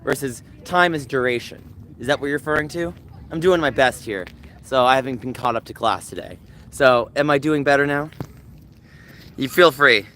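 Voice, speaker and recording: A man's voice: mid-range voice, normal speed, sharp tone. A man live streaming outdoors from a dog park, chatting loosely and reading chat aloud while he walks. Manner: rambling, reads chat aloud, talks to dogs. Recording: faint outdoor noise, dogs barking. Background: dogs and faint outdoor ambience.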